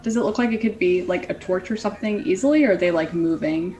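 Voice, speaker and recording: A woman's voice: fairly low pitch, fast talker, mellow, low-quality recording. A woman taking part as a player in a tabletop game, casually describing her character's actions with many "like"s.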